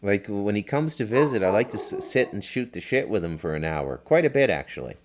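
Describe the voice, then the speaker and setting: Man, very low voice, middle-aged podcast host, casual storytelling, rambling with fillers. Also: lively intonation, a little fast. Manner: rambling, with many fillers and restarts.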